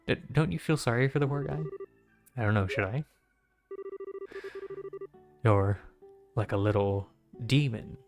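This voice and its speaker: A man streaming a game, talking casually to his viewers in a middle-pitched voice. He reacts aloud to the story in a playful, chatty way. Game music plays clearly underneath him. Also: unhurried, pauses often. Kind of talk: casual gameplay commentary.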